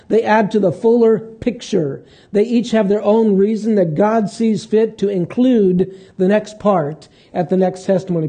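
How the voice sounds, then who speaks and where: A male pastor gives a sermon in a relaxed, conversational way, stopping and restarting as he thinks aloud. His voice sits fairly high for a man, yet it sounds deeply mellow and a little breathy. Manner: conversational preaching with pauses and restarts.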